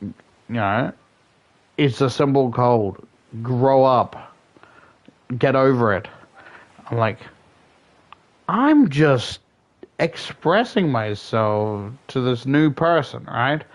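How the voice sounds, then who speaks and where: A man's voice: mid-range voice, expressive, drawn-out words, long pauses. A man with a cold and a sore throat, telling ranting anecdotes full of swearing in a casual stream chat. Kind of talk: casual storytelling while gaming.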